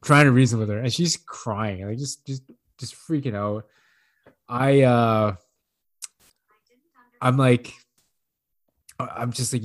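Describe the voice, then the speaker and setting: A man chatting casually on a podcast, telling a long, rambling, profane story, laughing often and acting out quotes in a higher voice. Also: measured pace, long pauses.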